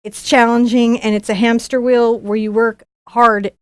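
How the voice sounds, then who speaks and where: A professional artist and channel host, this chatty, bubbly woman runs a live unboxing stream and talks casually with viewers, often stumbling into restarts. Her slightly high voice is clean, dry and close, with no room echo, and her delivery is flat at a normal speed.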